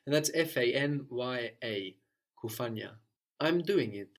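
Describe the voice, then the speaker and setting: A man teaching a language lesson, patient and prompting, often checking understanding with a quick "no?". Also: medium pitch, expressive.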